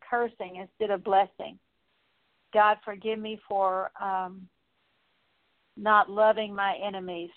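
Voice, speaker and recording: A woman leading an earnest, repetitive spoken prayer of confession, with occasional fillers. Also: medium pitch. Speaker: prayer leader. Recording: tinny phone-like audio.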